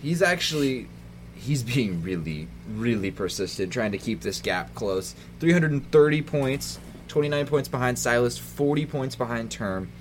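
A man, the fantasy league commissioner on a casual podcast, chatty and quick to laugh as he runs through the standings. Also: mid-range voice, expressive, a little hiss or hum.

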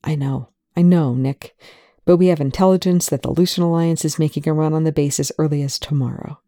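A reader voicing a brisk, apologetic male commanding officer who gives clipped orders. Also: mid-range voice, steady tone, dark tone, no room sound, clean studio sound, close to an everyday voice.

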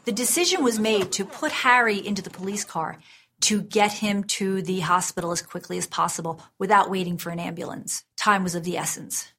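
A woman crime writer speaks in interview, retelling events earnestly with casual fillers. Her pitch sits in the middle. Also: brisk, fairly bright tone. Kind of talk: interview commentary.

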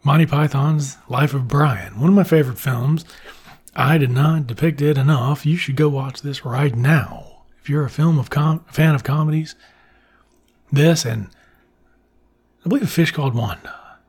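A man's voice: fairly high pitch, moderate pace, darkish tone, breathy edge. A man casually retelling a comedy film's plot in a loose, chatty way, swearing now and then. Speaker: film reviewer. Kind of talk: casual film recap.

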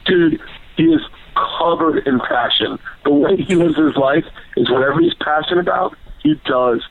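A man telling stories in casual chat as a podcast guest, rambling, excitable and full of swearing. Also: on the high side, moderate pace, creaky. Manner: profane, rambling, excitable storytelling. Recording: tinny phone-line sound.

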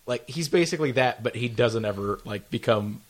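Man co-host, eager and jokey, mid-pitched voice, casual. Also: brisk. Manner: enthusiastic, jokey, with some stammered restarts. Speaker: podcast co-host. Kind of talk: casual chat.

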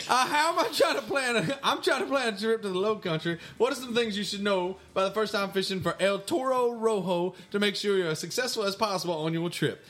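A man's voice: high-pitched, lively intonation, fairly quick, few pauses, fairly bright tone, pitched above the performer's own voice. A man playing a brash mailbag persona, answering fan questions in a rambling, mock-indignant way on a comedy podcast. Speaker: podcast co-host. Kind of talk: comic mailbag segment.

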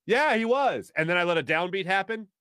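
A man hosting a sports talk show, talking with a fairly high voice. He tells stories in an animated, rambling way, full of quick asides. The studio sound is close and dry, with no room around the voice. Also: smooth, dry recording. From Philadelphia. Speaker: sports radio host. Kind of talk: casual sports talk, storytelling.

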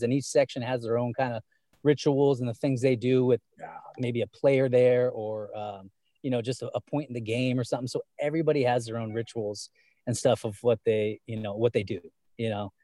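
Rambling man with a mellow voice. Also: mid-range voice, steady tone, fairly quick, no echo. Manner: rambling, many fillers and restarts. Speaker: fan guest. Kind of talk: casual conversation.

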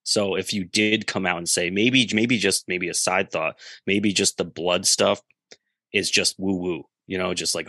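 A man's voice: low-pitched, fairly even intonation, measured pace, pushed and bright, no echo. A man musing hesitantly in casual podcast chat, with many restarts.

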